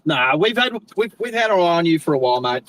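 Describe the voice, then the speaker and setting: A man's voice: fairly high pitch, big pitch swings, fast talker, fairly bright tone, poor audio. An Australian man hosting a live stream, chatting casually and rambling as he corrects himself mid-sentence. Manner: rambling, chatty, self-correcting, friendly slang. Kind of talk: casual live stream chat while driving.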